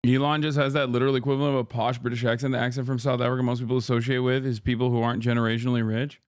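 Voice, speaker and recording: A man's voice: mid-range voice, little pitch movement, very fast, smooth, no echo, studio quality. A man hosting a live stream, reacting to clips in blunt, profane casual commentary. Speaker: streamer host.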